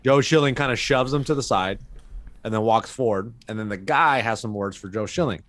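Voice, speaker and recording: A man's voice: fairly low pitch, a little fast, fairly bright tone, no room sound. A man co-hosting a casual fight-sports chat, walking listeners through a video clip step by step. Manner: step-by-step recounting, casual swearing. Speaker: podcast co-host.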